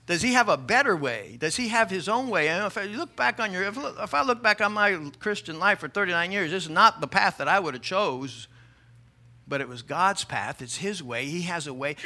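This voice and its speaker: A male pastor preaching a sermon, animated and emphatic, asking the congregation rhetorical questions. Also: sits high, moderate pace.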